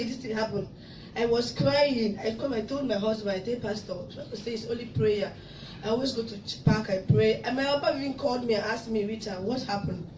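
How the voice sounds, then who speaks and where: A high-voiced woman from Africa tells her testimony in a church hall, growing more and more emotional and rising to loud praise. She sounds far from the mic in a roomy, echoing space. Constant background noise sits under her voice. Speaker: church member giving testimony. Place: church hall in Abu Dhabi.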